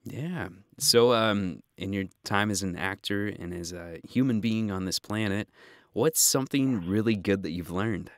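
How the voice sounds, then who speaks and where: A man hosting an interview podcast, asking questions in a relaxed, friendly way. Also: on the low side, unhurried, dry recording, clean studio sound. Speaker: podcast host. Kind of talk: casual interview chat.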